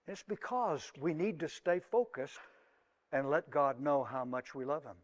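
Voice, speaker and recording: A man preaching a sermon in a church, speaking slowly and emphatically and drawing out key words. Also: a little high, animated. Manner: slow, emphatic delivery with drawn-out words. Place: church sanctuary. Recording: long hall reverb.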